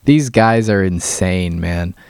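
Ranting man, mocking, incredulous, low voice, gravelly, dry close mic. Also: takes it slowly, darkish tone, dry recording. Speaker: vlogger. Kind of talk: ranting commentary.

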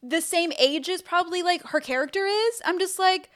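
High-voiced young woman, rambling chat. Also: moderate pace, fairly bright tone. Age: young adult. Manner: rambling, lots of "like", restarts. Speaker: podcast co-host. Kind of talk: casual movie chat.

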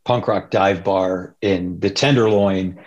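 A man's voice: low voice, slow, lo-fi sound, a little hiss or hum. A man telling stories in a loose, rambling way, as a guest in an interview. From Northern California. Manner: rambling, loose, animated quoting of others. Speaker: interview guest, punk musician. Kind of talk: casual storytelling.

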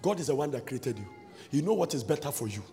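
Male preacher, lively sing-song delivery, loud shouts dropping to asides, long hall echo. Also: medium pitch, quick pace, slight background noise. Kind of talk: sermon. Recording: long reverb of a large hall.

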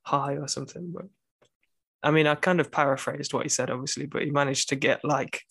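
A man's voice: on the high side, fairly even intonation, a little fast, gravelly, fairly bright tone, breathy edge, no room sound. A young man, a university student, telling a rambling story in casual chat, full of fillers and restarts.

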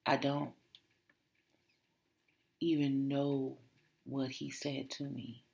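Brief: podcast host recalling a story. Slow, gravelly, half-whispered, reflective, with restarts. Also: mid-range voice, monotone, a little mellow. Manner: reflective, often drops to a whisper; repeats words and restarts when emotional. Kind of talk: personal storytelling monologue.

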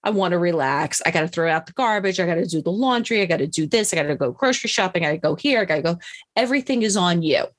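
A woman's voice: lowish voice, lively intonation, fast, no echo. A middle-aged woman telling a story in a casual monologue, blunt and profane, mocking herself and laughing often.

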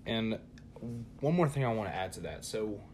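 Low-voiced earnest man co-hosting. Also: lively intonation, moderate pace, a little mellow, a little hiss or hum. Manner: earnest and encouraging, repeating words. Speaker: podcast co-host. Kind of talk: casual chat.

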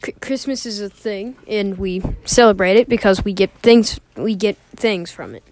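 A teenage podcast host in casual chat, rambling, joking and swearing a lot. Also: female voice, mid-range voice, animated, normal speed, a little mellow, no room sound. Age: teens. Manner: rambling, swears a lot, jokey fake Australian slang.

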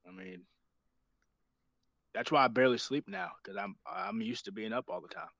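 A man's voice: fairly low pitch, lively intonation, moderate pace, gravelly, a bit bright, no room sound. A man in his twenties, a wrestler, talking bluntly and swearing a lot in casual chat. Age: 20s. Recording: dull lo-fi sound.

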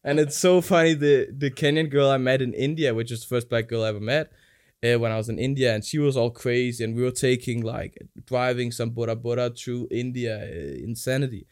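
A man's voice: mid-range voice, a little fast. A man chatting casually with his brother, telling crude stories and preaching about forgiveness and inner life in a digressive way. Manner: animated, acts out quoted voices. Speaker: podcast guest, older brother. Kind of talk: casual rambling chat.

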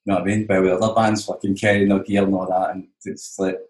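A Scottish man with a lowish voice tells rambling, sweary stories as a touring musician, leaning on "you know what I mean" again and again. He speaks in a roomy space that gives his voice a clear echo. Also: flat delivery, fast talker, a little mellow. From Scotland. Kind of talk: casual storytelling chat.

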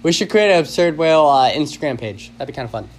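A man's voice: fairly high pitch, animated, fast. A man hosting his own podcast in a casual, rambling, joking chat, full of fillers and restarts. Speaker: podcast host.

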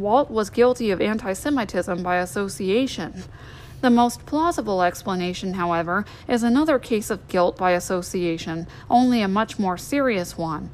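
A woman reads a biography aloud in a measured audiobook style, now and then repeating a word as she goes. Her voice sits at an ordinary middle pitch. A faint hiss runs under the recording. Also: low-quality recording. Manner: steady reading with occasional small repeats and restarts. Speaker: audiobook reader.

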